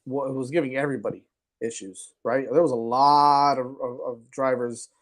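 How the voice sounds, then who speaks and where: Rambling laid-back podcast host. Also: male voice, mid-range voice, fairly even intonation, normal speed. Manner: rambling, filler-heavy, laughing. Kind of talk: casual sports chat.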